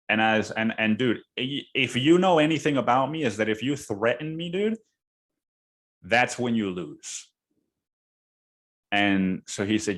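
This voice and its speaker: A young man hosting a podcast, telling a story in casual chat, swearing a lot and calling the listener dude and man, and acting out quoted people with sudden high yells. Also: animated, measured pace, pauses often. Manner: profane, slangy, says dude and man a lot; acts out quoted voices with sudden high yelling. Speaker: podcast host.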